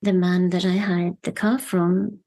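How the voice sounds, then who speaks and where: A woman novelist talking reflectively in an interview, measured and searching for words. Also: on the low side, flat delivery, warm tone. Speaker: novelist guest.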